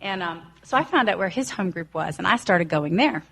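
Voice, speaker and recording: A woman's voice: fairly low pitch, expressive, a little fast, gravelly, a bit bright. A woman in her forties telling her personal recovery story in an earnest way, acting out quoted voices as she goes. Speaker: recovery speaker.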